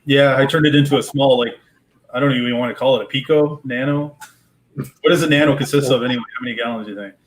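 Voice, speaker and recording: A man talking in a relaxed, slightly boastful way in a casual aquarium chat. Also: mid-range voice, quick pace, slight background noise, poor audio. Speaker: aquarium hobbyist co-host.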